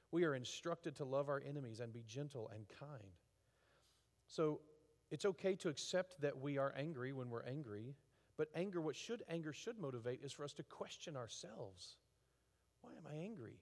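A man preaching a conversational sermon, halting with fillers and restarts, rising to emphatic rhetorical questions. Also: medium pitch. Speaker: pastor. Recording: reverberant hall.

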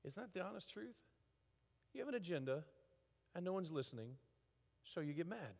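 A man preaching a conversational sermon, halting with fillers and restarts, rising to emphatic rhetorical questions. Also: high-pitched, very animated, gravelly, a little mellow. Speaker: pastor. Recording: reverberant hall.

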